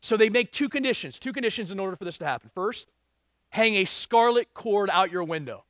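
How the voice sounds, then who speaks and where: High-voiced male pastor preaching. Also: animated, a little fast, a bit bright, dry recording, clean studio sound. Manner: emphatic, asks the congregation rhetorical questions. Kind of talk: sermon.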